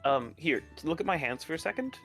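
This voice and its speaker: A man's voice: on the high side, big pitch swings, fast talker, fairly bright tone, breathy edge, faint music behind. A man playing a tabletop role-playing game, explaining an idea step by step. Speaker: player.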